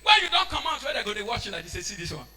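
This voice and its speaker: A man with a Nigerian accent preaching a sermon, shouting and switching into Pidgin. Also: high voice, very animated, racing.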